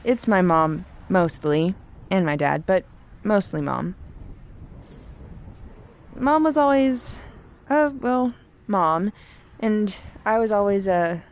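A woman's voice: medium pitch, expressive, takes it slowly, long pauses. A woman playing a guarded, wry young woman.

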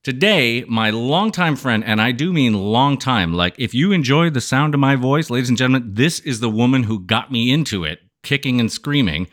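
A man hosting a podcast with a smooth voice and a playful, showy manner, joking with his listeners. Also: medium pitch, lively intonation, moderate pace, few pauses, a bit bright. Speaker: podcast host.

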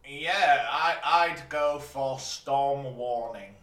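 A man's voice: medium pitch, drawn-out words, a bit bright. A man with a Yorkshire accent co-hosting a podcast, reading out listener letters in a playful, teasing way. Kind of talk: casual chat. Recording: roomy, distant mic.

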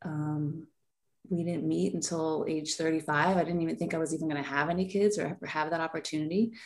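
A woman's voice: low voice, fairly even intonation, brisk. A woman in her forties, a podcast guest, telling a heartfelt personal story in a rambling way with many fillers.

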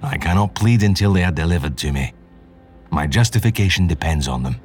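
A defiant pirate captain in his forties stands in the dock and makes his stubborn demands, as a male narrator puts him on. The voice sits extremely low and rumbles. He presses his case in an insistent, unbending tone. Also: lively intonation, brisk, darkish tone, faint music behind.

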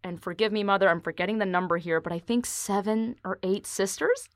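A woman talks casually with wry, self-deprecating humor and mixes a few Spanish words into her English. Her voice sits in a middle pitch and is recorded dry and close. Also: a little fast, no room sound. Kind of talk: casual chat.

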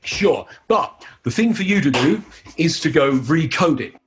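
A man's voice: on the high side, animated, a little slow, noisy background. A man, a hypnotist, leading a live teaching demonstration in an upbeat, playful way. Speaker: hypnotist giving a seminar.

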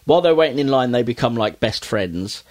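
A man's voice: medium pitch, a little fast. Man retelling a cartoon plot. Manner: animated storytelling, acting out characters' lines with raised voice. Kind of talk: casual chat.

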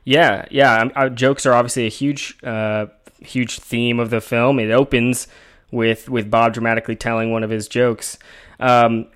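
A man with a middle-pitched voice hosts an interview. He sounds enthusiastic and casual, filling his questions with ums and repeated starts. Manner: enthusiastic, halting with fillers. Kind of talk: conversational interview.

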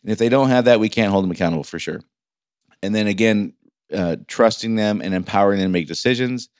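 Speaking at a quick pace in a fairly low, slightly mellow voice with no echo, this middle-aged business coach runs his podcast alone. He talks informally, often tripping over words and starting his sentences again.

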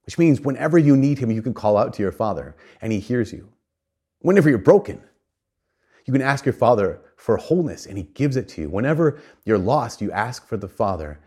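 With a medium-pitched voice carrying a breathy edge, a man gives an animated, earnest sermon. He tells a story, slips in casual asides, and often goes back to repeat or restart lines.

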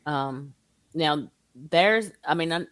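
A woman, a guest telling her story in a casual, animated way. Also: deep voice, takes it slowly, no room sound.

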